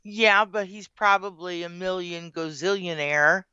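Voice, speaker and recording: A woman's voice: fairly low pitch, fairly even intonation, a little slow, bright, forceful tone, clear, resonant tone, dry recording, muffled recording. A woman co-hosting a radio show, chiming in with short teasing prompts. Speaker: radio co-host. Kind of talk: casual chat.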